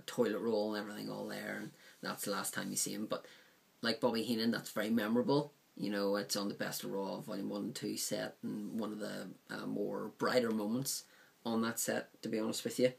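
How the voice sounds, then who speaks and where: A man's voice: on the low side, vocal fry. A man casually reviewing a DVD set, rambling with frequent ums and likes.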